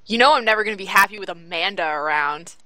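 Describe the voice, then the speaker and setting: A woman's voice: mid-range voice, lively intonation, fast, bright, forceful tone, no room sound. Woman playing a sulky teenage girl. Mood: sulky defiant. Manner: whiny, petulant.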